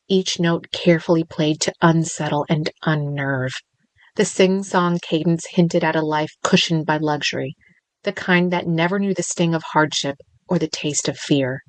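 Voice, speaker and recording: A woman reading a thriller audiobook in a measured, steady narration. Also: low-pitched, no echo, low-quality recording.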